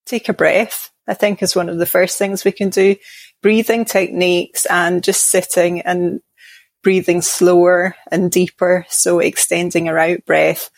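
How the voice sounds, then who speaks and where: Calm Glaswegian woman, low voice. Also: unhurried, vocal fry, dry recording. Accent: Glaswegian Scottish. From Scotland. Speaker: mindfulness coach. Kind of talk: podcast interview.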